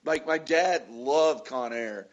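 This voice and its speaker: A man's voice: medium pitch, slow, muffled recording. Swearing man telling movie stories. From Florida. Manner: swearing storyteller, acts out quotes loudly. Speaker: podcast co-host. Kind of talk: casual chat.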